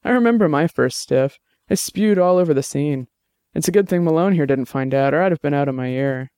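A man's voice: a little high, fairly quick, a little mellow, clean tone, no room sound, clean studio sound, lightly acted. A man voicing a friendly, easygoing young cop in an audiobook. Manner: easygoing, laughing.

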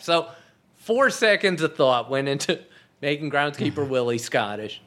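A man's voice: a little high, animated, moderate pace, sharp tone. A man guest in an interview, telling anecdotes and acting out quoted dialogue, laughing often. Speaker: guest, TV comedy writer. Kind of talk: casual storytelling in an interview. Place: apartment.

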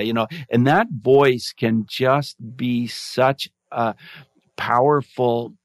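A man's voice: medium pitch, steady tone, slow, no echo. A man and former music teacher, a guest giving earnest, reflective interview answers, often restarting his phrases.

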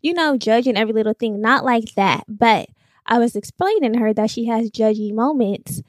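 A woman chatting on a podcast, telling an animated story full of quoted dialogue and casual swearing. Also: on the high side, normal speed, no echo, studio quality. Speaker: podcast guest. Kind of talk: casual chat.

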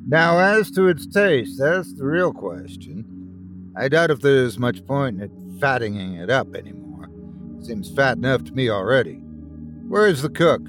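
A man's voice: medium pitch, very animated, moderate pace, over music, lightly acted. A man playing a blunt, impatient ship captain who gives orders. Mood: commanding. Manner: commanding and impatient.

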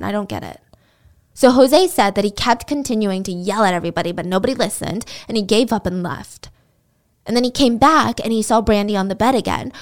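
A woman host retelling a true crime case in a conversational way, with indignant asides. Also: medium pitch. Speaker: podcast host.

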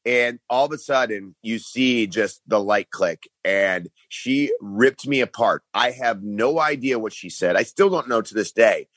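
A middle-aged man talking casually as an interview guest, his voice sitting on the low side. He tells stories with lots of energy and acts out the quotes in other voices. The sound is dry and close. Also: measured pace, hardly any pauses, fairly bright tone, no room sound. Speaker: guest, pro wrestling star.

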